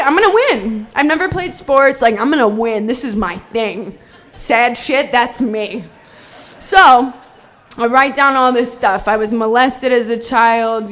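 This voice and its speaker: A woman's voice: on the high side, fairly bright tone. A woman telling her own recovery story in a blunt, darkly funny way, swearing freely. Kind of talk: candid personal testimony.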